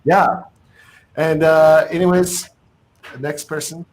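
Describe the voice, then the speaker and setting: A man's voice: fairly high pitch, steady tone, slow pace, low-quality recording. A man who makes travel food videos, easygoing and chatty, plugging his channel on a livestream. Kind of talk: casual channel plug on a livestream.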